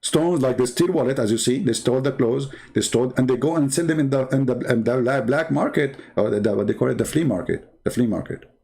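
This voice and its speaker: A man's voice: medium pitch, fast, gravelly, mellow, slightly rough. A man who is not a native English speaker, hosting a commentary show in a mocking, sarcastic tone and broken English. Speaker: show host.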